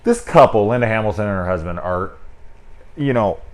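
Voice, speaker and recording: A man's voice: fairly low pitch, lively intonation, brisk. A man giving a casual, rambling film review, loose and candid, swearing freely and leaning on filler words.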